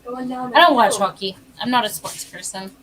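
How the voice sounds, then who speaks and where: A woman hosts a podcast with a bright, somewhat high voice. Her replies are brief and easygoing in casual chat. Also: normal speed, slight background noise, rough recording.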